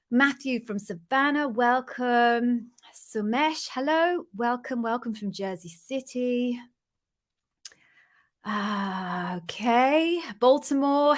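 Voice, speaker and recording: A woman's voice: on the high side, takes it slowly, a bit bright. An Englishwoman with an English accent hosting a casual livestream from home, chatty and self-deprecating with jokey asides. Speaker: livestream host, interview coach. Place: home near London.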